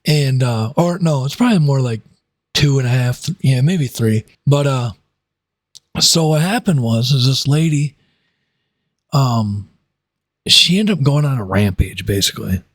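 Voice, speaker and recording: A young man in his twenties spins a casual storytime at a middle pitch, rambling with frequent fillers and self-corrections. He slips into a higher voice when he quotes people. The sound is close and dry, with no room behind it. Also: lively intonation, unhurried, pauses often, no echo.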